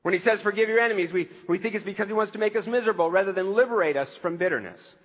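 A man's voice: high voice, rapid-fire, a bit bright, big-room sound, lo-fi sound. A man preaching a conversational sermon as a pastor, with wry humor.

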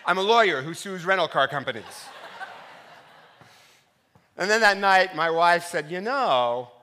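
A middle-aged man, a pastor, preaching a sermon full of personal stories, swinging from loud punchlines to soft, quiet reflection. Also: high voice, unhurried, slight background noise. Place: church sanctuary.

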